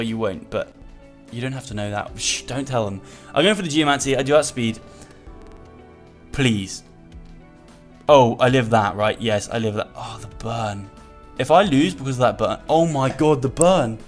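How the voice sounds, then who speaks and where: A young man talks through a video game as he plays, half muttering to himself and then breaking into loud, excited yelling. His voice sits at an ordinary pitch. Faint music plays under him. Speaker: gaming video creator. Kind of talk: live gameplay commentary.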